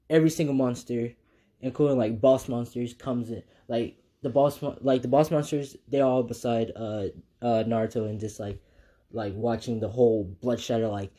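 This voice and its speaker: A man's voice: mid-range voice, fairly even intonation, normal speed, dark tone. A man casually retelling a fan story, rambling with many fillers and restarts.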